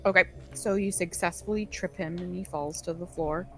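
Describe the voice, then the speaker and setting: A woman acting as game master, narrating outcomes and rules in a relaxed, plain way. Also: on the low side, moderate pace, creaky. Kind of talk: running a tabletop game over voice chat.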